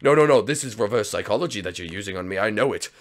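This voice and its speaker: A theatrical reptile villain professor, gloating over his schemes, played by a man in a game roleplay. His voice is lowish and gravelly, with lively swings in pitch. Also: very fast.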